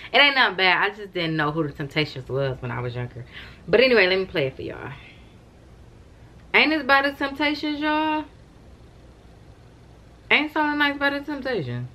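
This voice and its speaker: Wrapped in a robe and blanket at home, a young woman vlogs to camera in a casual, chatty way, often addressing her viewers as "y'all." Her voice sits on the low side and comes across pushed and bright.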